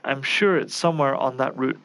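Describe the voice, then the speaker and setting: A man's voice: mid-range voice, fairly quick, a bit bright, close to an everyday voice. A man voicing a flustered young male cook who frets and scolds himself.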